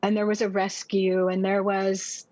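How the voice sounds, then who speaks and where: American woman pastor, testimony storyteller, expressive and vivid, middle pitch, dull dry recording. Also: a little slow, dry recording. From United States. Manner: vivid and expressive, acting out her own past words with brief laughs. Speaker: podcast guest, pastor and speaker.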